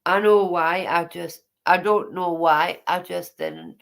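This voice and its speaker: A woman's voice: fairly low pitch, takes it slowly, vocal fry. A woman, casually reading her memoir aloud and breaking off for chatty, teasing asides.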